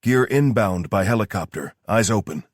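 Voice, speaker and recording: A man voicing a gruff, hard-edged male soldier leader with a curt, commanding delivery in an audiobook. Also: on the low side, expressive, moderate pace, no room sound, clean studio sound, voice pushed up. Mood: stern.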